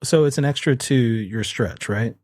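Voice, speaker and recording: A man narrating as game master of a tabletop role-playing game, relaxed and chuckling as he describes the scene. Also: mid-range voice, moderate pace, no room sound, clean studio sound.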